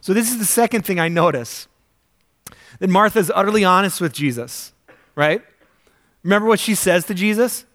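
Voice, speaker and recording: In a church sanctuary, a pastor preaches a weekend sermon to his congregation, speaking conversationally and asking them questions. He is expressive and unhurried with long pauses, acting out quoted prayers loudly with big leaps in pitch and volume.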